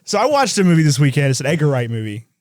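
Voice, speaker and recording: Lively, playful young man co-host. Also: on the high side, racing, no echo, studio quality. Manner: playful, laughs often, mimics voices. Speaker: podcast co-host. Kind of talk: casual chat.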